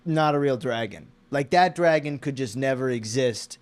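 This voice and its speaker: A man's voice: mid-range voice, normal speed. A young man co-hosting a comedy podcast in casual chat, joking and playful. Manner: joking, playful, slips into silly voices. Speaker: podcast co-host.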